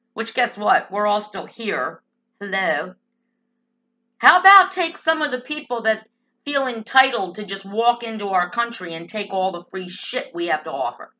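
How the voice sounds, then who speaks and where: A woman's voice: medium pitch, sharp tone. A woman giving a blunt, sarcastic, profane political monologue. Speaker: political commentator. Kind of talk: opinionated monologue. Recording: dull lo-fi sound.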